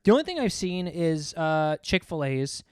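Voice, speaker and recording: A man's voice: on the high side, sing-song, moderate pace, smooth, dry recording, studio quality. A young man co-hosting a comedy podcast, talking loosely, joking and swearing casually. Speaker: podcast co-host. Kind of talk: casual chat.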